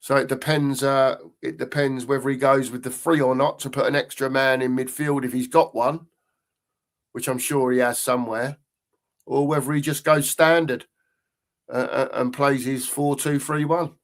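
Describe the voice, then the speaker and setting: A man's voice: medium pitch, level tone, moderate pace. Older man, live-stream host; rambling, repetitive, chatty delivery. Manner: rambling, repeats phrases, chatty. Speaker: fan channel host reading live comments. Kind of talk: casual live-stream chat.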